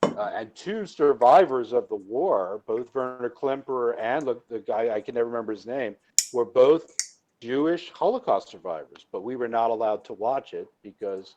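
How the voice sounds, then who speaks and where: A man's voice: medium pitch, animated, normal speed, mellow, lo-fi sound, a little hiss or hum. A man chatting casually on a live call, enthusiastic and prone to repeating words as he starts a thought. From United States.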